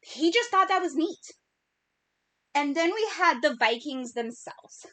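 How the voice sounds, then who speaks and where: A woman's voice: sits high, expressive, measured pace, sharp tone. A woman co-hosting a podcast in casual chat, bubbly and talkative, sometimes tripping over her words. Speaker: podcast co-host.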